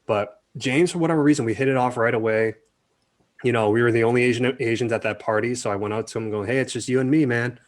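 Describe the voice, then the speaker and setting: A man being interviewed as a film director, talking casually and acting out quotes in animated stories. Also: medium pitch, quick pace. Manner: animated storyteller, acts out quotes.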